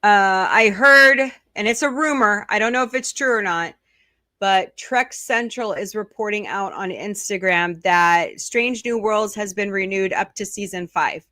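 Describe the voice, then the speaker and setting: A woman's voice: medium pitch, unhurried, bright, forceful tone, no echo. Chatty middle-aged woman streamer host, dry close mic, reads the chat as she goes. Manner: chatty, reads and answers viewer comments. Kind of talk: casual live-stream chat.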